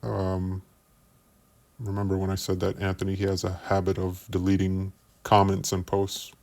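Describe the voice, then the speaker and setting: Deep-voiced man with some vocal fry, measured investigative commentator who restarts his phrases while laying out evidence. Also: completely flat delivery, a little mellow. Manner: measured, explains by walking through screenshots; stumbles and repeats words while building a point. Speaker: commentary youtuber.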